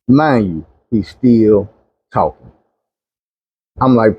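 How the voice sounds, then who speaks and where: A man telling a long dream story, animated, dropping low and quiet when he pleads. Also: takes it slowly, long pauses, husky, dry recording, dull audio. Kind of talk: recounting a dream testimony.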